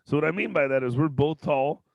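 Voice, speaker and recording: A man hosting a podcast interview, blunt and outspoken, swearing often and breaking into loud outbursts. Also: a little high, fairly quick, gravelly, dry recording, lo-fi sound. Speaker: podcast host. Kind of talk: casual interview chat.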